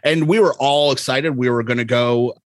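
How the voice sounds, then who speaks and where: A man's voice: medium pitch, normal speed, dry recording. American man, podcast co-host, loose joking ramble, dry close-miked sound. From United States. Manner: rambling, jokey, laughs often. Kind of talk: casual chat.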